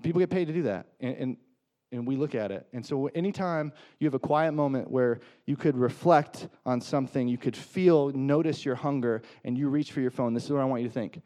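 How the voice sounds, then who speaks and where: A man delivers a sermon in a casual, conversational way. His voice is mellow and dark, at an ordinary pitch. He leans on rhetorical questions and briefly acts out the people he quotes. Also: brisk, hardly any pauses. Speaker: pastor.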